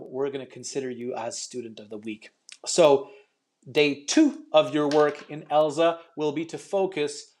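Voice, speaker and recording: A man with a fairly high voice walks learners through an online pronunciation lesson. He is chatty and encouraging, and he explains things step by step with plenty of ums. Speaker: English pronunciation teacher.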